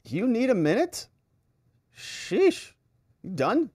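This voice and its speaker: A man's voice: medium pitch, big pitch swings, moderate pace, darkish tone, dry recording, clean studio sound, natural voice. A man quoting a blunt male defense attorney, read in a pressing, sarcastic tone.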